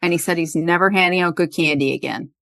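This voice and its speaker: A woman's voice: lowish voice, fast talker, creaky, no echo. Woman recapping an episode casually. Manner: retells scenes quoting characters, animated. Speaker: podcast host.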